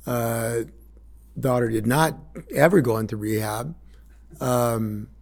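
A man's voice: mid-range voice, fairly even intonation, slow, a little mellow. A middle-aged man candidly telling a raw personal recovery story, blunt and unpolished, acting out what people said. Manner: blunt, raw storytelling with swearing and reenacted quotes. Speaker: speaker sharing a recovery story.

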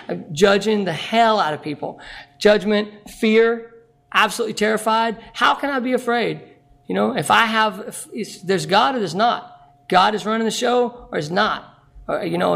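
A man from Arkansas tells his recovery story in a rambling, self-mocking way, often breaking into laughter. His voice sits high and has a gravelly, fried texture. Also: fairly bright tone. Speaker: recovery meeting speaker. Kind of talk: personal testimony talk.

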